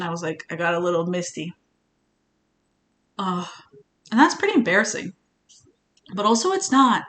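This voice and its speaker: A woman's voice: mid-range voice, a bit bright. A woman streamer chatting casually on a live stream, rambling with many restarts and sounding earnest and emotional.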